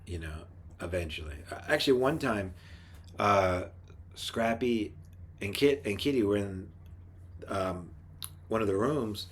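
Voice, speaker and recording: A middle-aged man, rambling through personal anecdotes in a relaxed monologue. His voice sits fairly low and sounds husky, and he often restarts his sentences as he talks. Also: unhurried, pauses often. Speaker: podcast host. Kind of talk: casual storytelling monologue.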